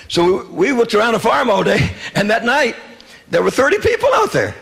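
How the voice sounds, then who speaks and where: A Southern United States man preaches his sermon testimony in a folksy, humorous, wry storytelling style, acting out quoted dialogue. His high voice has huge pitch swings, a brisk pace, creak, a fairly bright tone, and a breathy edge.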